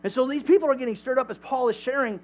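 A man preaching a sermon in a church, conversational and animated, asking the congregation questions. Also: very high voice, racing. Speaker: pastor. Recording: dull lo-fi sound with mains hum.

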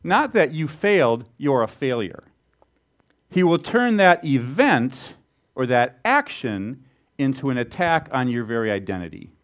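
A man preaching a sermon as a pastor, animated and asking the congregation rhetorical questions. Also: mid-range voice, a little slow.

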